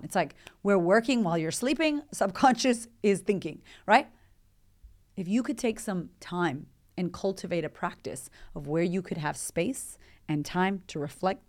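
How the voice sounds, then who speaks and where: A woman in her thirties talks straight into the mic as a motivational podcast host and coach. Her voice sits a little low for a woman, and her delivery is lively and chatty. She drives her points home with strings of rhetorical questions. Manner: energetic, conversational, fires rhetorical questions.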